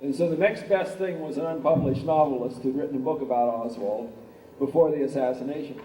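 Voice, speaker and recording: A man's voice: medium pitch, fairly quick, mellow, slight background noise. A man from California giving a conference talk, telling anecdotes in a rambling, conversational way with lots of "uh.". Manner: rambling, conversational, with frequent "uh" and "he says". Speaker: guest speaker. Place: hotel conference room. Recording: roomy hall recorded from a distance with faint ambience.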